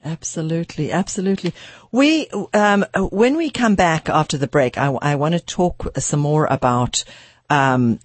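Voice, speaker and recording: A man hosting a radio interview show, talking haltingly with many restarts and quick affirmations. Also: a little high, expressive, dry recording.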